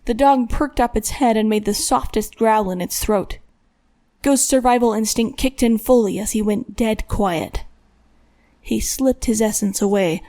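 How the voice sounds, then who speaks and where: A woman reads a thriller audiobook in a steady, measured tone. Her voice sits a little higher than most women's. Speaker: audiobook narrator. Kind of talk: scripted narration.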